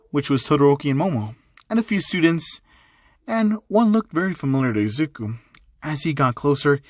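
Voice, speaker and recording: A man's voice: on the high side, no echo, studio quality. A man narrating an amateur fan story in a plain, repetitive reading style.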